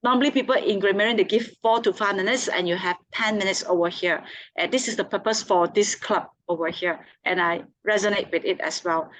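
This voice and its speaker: A woman of middle pitch giving a general evaluation at a club meeting. She praises people in a chatty, loose way, with plenty of "like", and her voice sounds close and dry. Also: brisk, a bit bright, dry recording, low-quality recording. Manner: complimentary, chatty, fills gaps with "like".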